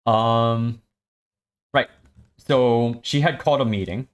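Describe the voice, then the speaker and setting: A man recapping and reading a web serial aloud, halting with many ums. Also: medium pitch. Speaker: story reader.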